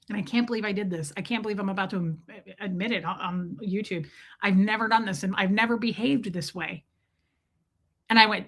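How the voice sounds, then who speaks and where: A woman vlogger telling a story in a casual, animated way, acting out the quoted voices and swearing when she gets worked up. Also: mid-range voice, brisk.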